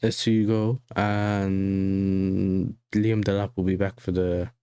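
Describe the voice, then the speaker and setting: This young football livestream host sounds a little low, dark and clean, with a flat, slow delivery as he casually reacts and chats with viewers. He's slangy and talkative, constantly checking in with "you know what I'm saying." The audio is close and dry, without any room sound.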